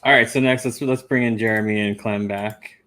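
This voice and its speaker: A man hosting a panel call, moving briskly from one guest to the next. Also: lowish voice, fairly even intonation, pushed and bright, dry recording. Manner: brisk, moving things along. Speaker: panel host. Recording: noisy call line.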